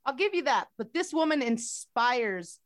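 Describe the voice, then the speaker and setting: A woman's voice: high voice, big pitch swings, unhurried, dry recording, clean studio sound. A woman co-hosting a casual podcast, arguing passionately and repeating herself for emphasis. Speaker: podcast co-host. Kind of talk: casual chat.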